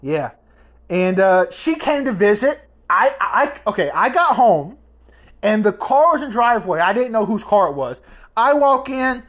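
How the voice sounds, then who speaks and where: A woman's voice: mid-range voice, a little slow. Rambling woman telling a family story. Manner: rambling, animated, restarts often. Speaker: podcast host. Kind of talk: casual storytelling chat.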